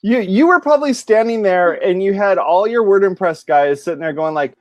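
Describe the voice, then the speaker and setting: A middle-aged man from California co-hosting a casual chat over a video call, animated and laughing often. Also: high-pitched, fairly quick, few pauses, no echo, muffled recording. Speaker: co-host.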